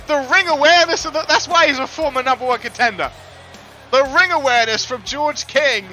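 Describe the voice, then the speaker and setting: A man with a high-set voice calls a wrestling match live, excitable and joking, sometimes breaking into loud drawn-out introductions. Music runs clearly underneath him. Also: poor audio. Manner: excitable, jokey, bursts into shouted ring introductions. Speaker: wrestling commentator. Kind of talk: live play-by-play commentary.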